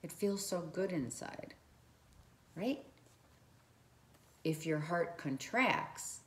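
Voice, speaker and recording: Speaking directly to the viewer, this woman gives sincere motivational relationship advice on camera, repeating her phrases often. Her fairly low voice is expressive, with drawn-out words and frequent pauses, in an echoey room.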